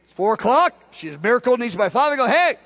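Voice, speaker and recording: A male pastor delivers a storytelling sermon and acts out every part with lively swings of pitch. His voice sits fairly high and carries a gravelly rasp. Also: fast. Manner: animated, acts out dialogue.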